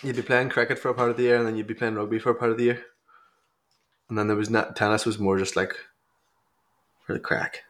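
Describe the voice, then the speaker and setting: A man's voice: lowish voice, little pitch movement, fast talker, long pauses, a bit bright. A young man with a Northern Irish accent, co-hosting a podcast in casual chat, giving blunt, short, dry replies. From Northern Ireland. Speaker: podcast co-host. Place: small home studio.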